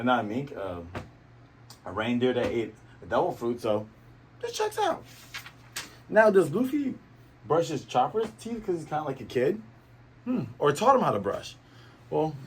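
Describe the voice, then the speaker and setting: Rambling, husky-voiced man reviewing comics. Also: medium pitch. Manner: rambling and playful, full of fillers and asides to viewers. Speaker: host of a manga review channel. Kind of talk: casual comic chapter review.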